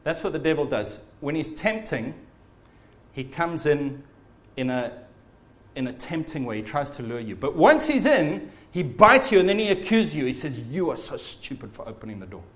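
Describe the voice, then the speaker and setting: A man preaching a sermon in an earnest, animated way. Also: fairly high pitch, moderate pace.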